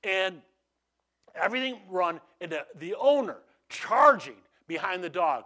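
A man preaching a sermon, telling stories with animated swings from hushed to loud and frequent restarts. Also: high voice, a little slow. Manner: repeats and restarts phrases. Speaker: pastor.

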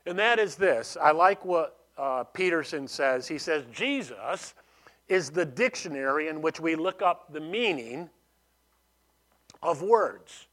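Slow-talking male preacher, conversational. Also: on the high side, animated, fairly bright tone. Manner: conversational preaching, frequent restarts and "you know". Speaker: pastor. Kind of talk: sermon.

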